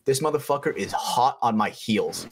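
Swearing, animated young man telling a story. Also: mid-range voice, moderate pace, creaky, a little hiss or hum. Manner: animated, swearing storyteller who acts out voices. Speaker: podcast co-host. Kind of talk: casual storytelling chat.

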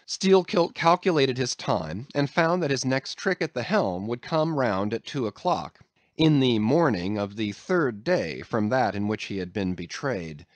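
Man reading an audiobook, lively pitch. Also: measured pace, no echo. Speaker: audiobook reader. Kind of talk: scripted narration.

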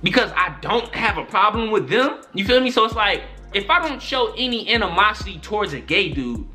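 A man's voice: high voice, big pitch swings, a little fast, sharp tone, faint music behind. A young man telling a story-time tale in casual, profane slang, often repeating "son" and "my nigga". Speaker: YouTube storyteller.

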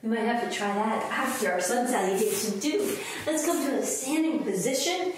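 A woman's voice: a little high, normal speed. A woman leading a children's yoga lesson in a playful, sing-song way, making animal sounds along with the kids. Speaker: kids' yoga teacher. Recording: echoey room, voice from a distance, faint noise.

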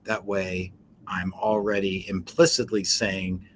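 Educator, male: lower-pitched man, casual explanatory teaching manner, lots of ums, faint room noise behind. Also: takes it slowly. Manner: relaxed, explanatory, frequent ums. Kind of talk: informal teaching talk.

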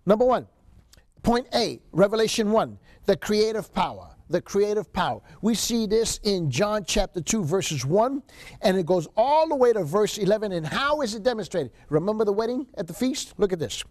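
A male seminary lecturer with a fairly high voice, working through a Bible survey class. He reads scripture passages aloud and hammers key phrases by repeating them, with restarts and fillers along the way. The sound is dry and close, with little room echo. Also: very animated, moderate pace, darkish tone.

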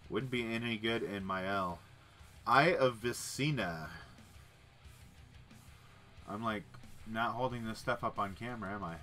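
A man's voice: on the low side, steady tone, fairly quick, sharp tone, soft background music. A man hosting a livestream, casually chatting and reading card text aloud with wry, muttered asides. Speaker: livestream host opening card packs. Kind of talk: casual chat while reading cards aloud.

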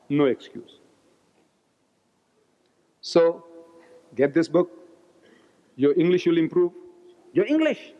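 Loud, forceful old man in an echoey hall. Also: fairly high pitch. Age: 70s. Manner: loud, forceful, roaring delivery. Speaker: lecturer. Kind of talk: public lecture. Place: large lecture hall. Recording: echoey hall, dull lo-fi archive recording.

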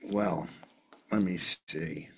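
A man's voice: sits low, fairly even intonation, very slow, slightly rough. A man in his sixties co-hosting a podcast in casual chat, grumbling and defensive. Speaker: podcast co-host, comedian.

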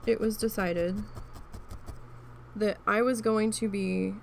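Woman, creaky voice, mid pitch, casual crafting vlog, frank storytelling. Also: steady tone, slow pace, a little hiss or hum. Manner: chatty, frank, with frequent restarts and swearing. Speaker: crafting vlogger.

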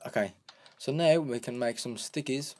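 A man giving casual let's-play commentary, chatty and narrating each step as he goes, counting out loud. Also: mid-range voice, moderate pace. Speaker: gameplay commentator.

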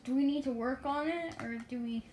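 A woman's voice: high voice, brisk, a little mellow, a little hiss or hum. A woman co-hosting a gaming video, talking hesitantly with many fillers and giggles. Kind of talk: casual gameplay chat.

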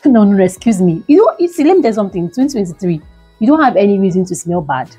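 A woman's voice: mid-range voice, big pitch swings, fast talker, dark tone, husky, faint music behind, low-quality recording. A young Nigerian woman in a product review vlog, talking dramatically and gushing, pleading again and again, sitting indoors by a window. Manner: dramatic and gushing, repeats pleas. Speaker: beauty vlogger.

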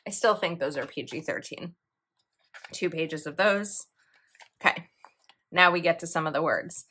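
A woman's voice: sits low, steady tone, unhurried, pauses often, bright, forceful tone. A woman in her thirties, a planner vlogger, chatting casually and giggling as she reads sticker quotes aloud. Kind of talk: casual product review, reading sticker quotes.

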